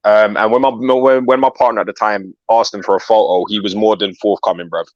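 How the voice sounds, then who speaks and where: A man co-hosting a live fan reaction stream, telling stories in animated slang. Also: on the low side, a little fast, no room sound, highs cut off. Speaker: co-host.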